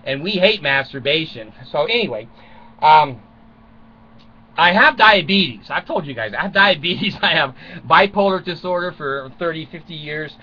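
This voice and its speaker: An older man talks on and on in a loose comic monologue, cracking crude jokes at his own expense and chuckling between lines. His voice has a bright, sharp edge. The recording is dull and lo-fi, made in a small closet at home. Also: a little high, animated, normal speed. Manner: chuckles often, crude self-mocking jokes. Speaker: vlogger.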